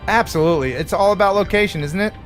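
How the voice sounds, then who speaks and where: A man's voice: high voice, fast talker, faint music behind. A man from the United States hosting a casual live-stream chat show, joking and laughing often. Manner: jokey, laughs often, animated. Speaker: host.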